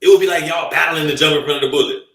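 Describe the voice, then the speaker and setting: A man's voice: fairly high pitch, racing, vocal fry, recorded from a distance. A young man co-hosting a casual group chat, telling slangy stories and acting out quotes. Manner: animated, slangy storytelling with acted-out quotes. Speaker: podcast co-host. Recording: roomy, off-mic sound.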